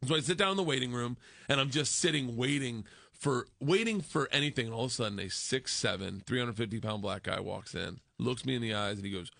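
A middle-aged man telling an excited, animated story as a talk show guest and acting out the other voices in it. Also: mid-range voice, brisk, vocal fry, no room sound. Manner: excited, laughing, acts out voices in dialogue.

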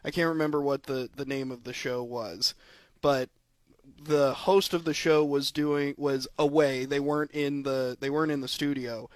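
A man's voice: medium pitch, fairly even intonation, moderate pace, no room sound. A man co-hosting a sports podcast, telling stories animatedly, laughing often and acting out voices in casual chat. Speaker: podcast co-host.

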